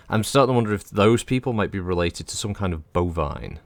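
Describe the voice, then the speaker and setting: A low-pitched man chats his way through a game stream, meandering from thought to thought and swearing freely. His voice sits close and dry on the mic, with no room around it. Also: expressive, brisk, no room sound. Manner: rambling, chatty, swears freely. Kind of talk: casual gameplay commentary.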